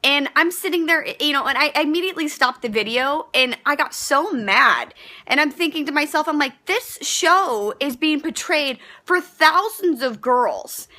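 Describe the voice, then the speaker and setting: High bright-voiced young woman ranting. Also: expressive, normal speed. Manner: heated, frank and profane, with many fillers and restarts. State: pregnant. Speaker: vlogger. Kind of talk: casual rant to camera.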